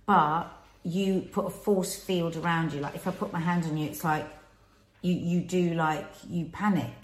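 A middle-aged woman talks in an earnest, advising way on a candid podcast. Her voice sits on the low side. The room around her is echoey. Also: steady tone, moderate pace. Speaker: podcast co-host. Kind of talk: candid conversational chat.

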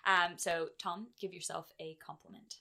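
Brief: woman podcast co-host, slightly low voice, upbeat and giggly. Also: little pitch movement, normal speed, creaky, bright, forceful tone. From United States. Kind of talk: casual interview chat.

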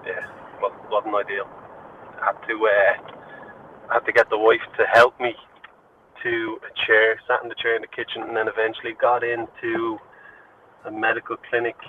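A man telling a wry, laid-back story about hurting his back, sent in as a voice note. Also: mid-range voice. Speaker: caller via voice note. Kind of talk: casual anecdote. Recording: distant tinny phone voice note, noisy.

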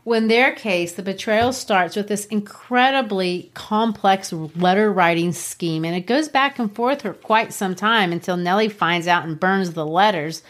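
A woman's voice: mid-range voice, measured pace, hardly any pauses. A woman co-hosting a podcast, chatting casually about a book and laughing often. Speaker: podcast co-host.

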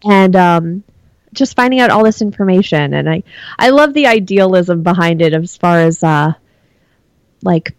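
A woman's voice: on the low side, moderate pace, no room sound, poor audio. A woman in her thirties, a podcast guest chatting casually and acting out the voices in her stories. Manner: animated storyteller, acts out quoted voices. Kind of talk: casual conversation.

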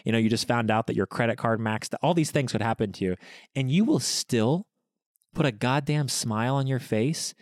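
A man's voice: medium pitch, moderate pace, no room sound, clean studio sound. A young man co-hosting a podcast with his partner, talking in an effusive, casual way, cursing and saying "dude.". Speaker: podcast co-host, expectant father. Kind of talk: casual couple chat.

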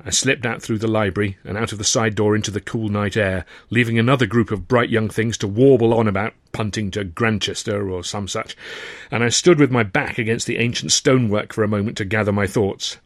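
A man's voice: fairly low pitch, fairly even intonation, a little fast, hardly any pauses, no room sound. A man reading his own novel aloud, narrating with dry, wry timing and acting the dialogue. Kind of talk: audiobook narration.

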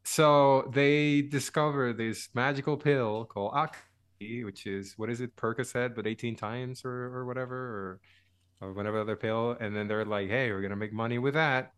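A man's voice: mid-range voice, fairly even intonation, normal speed, clear, resonant tone. A man co-hosting a casual movie chat, recapping the plot in a rambling, hesitant way. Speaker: podcast co-host.

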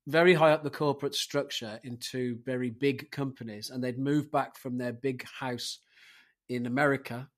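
A man hosting a casual podcast chat, swearing and telling rambling anecdotes. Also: mid-range voice. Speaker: podcast host running the segment.

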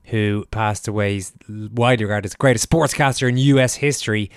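An Irish man hosting a podcast in a relaxed, chatty way, laughing easily. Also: lowish voice, fairly quick, clear, resonant tone, no room sound, clean studio sound. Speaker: podcast host. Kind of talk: casual podcast chat.

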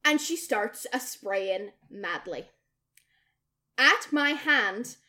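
A young woman co-hosts a casual podcast, her voice pitched a little above most women's. She tells stories with animated energy, swears freely, and slips into the voices of the people she describes. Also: drawn-out words. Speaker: podcast co-host. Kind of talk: casual storytelling chat.

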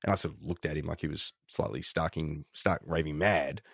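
An Australian man co-hosting a podcast, telling a political story in casual chat with animated delivery. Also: extremely low pitch, fairly quick, gravelly, husky, no echo, studio quality. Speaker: podcast co-host.

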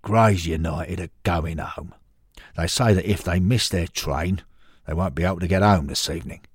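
Man growling as a gruff old footballer. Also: sits low, moderate pace, dry recording, studio quality. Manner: growling, dismissive. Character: gruff retired footballer turned committee man.

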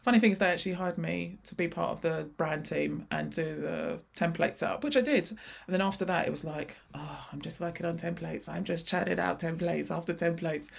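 A woman's voice: fairly low pitch, a little fast, creaky, few pauses. A woman in her forties, a chatty interview guest who laughs often and restarts her sentences. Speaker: guest, freelance graphic designer. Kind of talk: casual interview chat.

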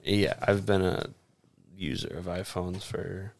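A man's voice: low voice, fairly even intonation, slow, gravelly, dry recording. A man co-hosting a casual podcast chat, laughing often as he talks. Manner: laughs often, reads a respectful disclaimer. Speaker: podcast co-host.

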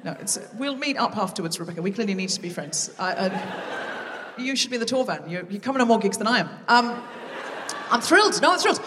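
A woman's voice: mid-range voice, animated, fairly quick, distant mic, background noise. Woman comedy host on stage, playful banter with the crowd; live reverberant hall, off-mic feel. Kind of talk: live stand-up crowd work. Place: large theatre with a live audience. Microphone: stage microphone.

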